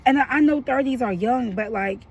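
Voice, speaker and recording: A woman's voice: fairly high pitch, brisk, husky, rough recording. A woman in her thirties talking frankly to her viewers in a personal vlog, emotional and slangy, with a frustrated edge. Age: 30s. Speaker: vlogger.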